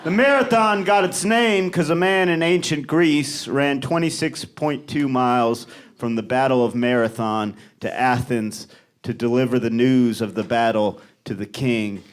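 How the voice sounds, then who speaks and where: A male stand-up comedian performing a live set, animated and jumping into high shouted voices for the people in his stories. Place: comedy club stage before a live audience. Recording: live club recording with loud crowd laughter. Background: audience laughter.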